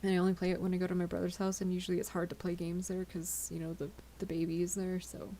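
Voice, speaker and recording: Tired, giggly woman with a gravelly voice. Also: fairly low pitch, completely flat delivery, quick pace, dark tone, slight background noise. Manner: chatty, giggly, stumbling over words. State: tired, yawning. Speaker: streamer. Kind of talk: casual live-stream chat with viewers.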